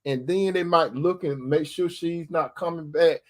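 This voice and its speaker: A man's voice: a little high, normal speed. A man, host of his own faith talk, speaking in a folksy way that repeats phrases and calls out to his brothers and sisters. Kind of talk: casual preaching talk to viewers.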